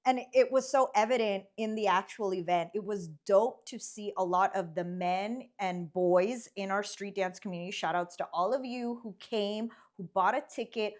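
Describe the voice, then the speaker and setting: A woman hosting a casual interview chat, playful and animated, often humming agreement while her guest talks. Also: mid-range voice, moderate pace, few pauses. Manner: animated, playful, frequent backchannel hums. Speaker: host.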